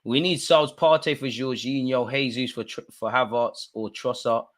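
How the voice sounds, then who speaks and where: Bright-voiced man heckling a referee. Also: mid-range voice, fairly even intonation, normal speed. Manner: exasperated, heckling the referee, swings between muttering and shouting; London street slang. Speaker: football watch-along co-host. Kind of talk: live match commentary and banter.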